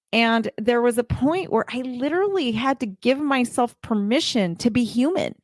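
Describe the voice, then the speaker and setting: A woman's voice: a little high, dry recording. Earnest woman host, dry close sound. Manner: earnest, emotional, repeats phrases for emphasis. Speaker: podcast host and child care business coach. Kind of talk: heartfelt live-stream talk.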